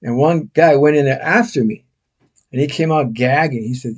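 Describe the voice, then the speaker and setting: A man's voice: medium pitch, moderate pace, breathy edge. Older American man, casual storyteller, rambling and self-mocking.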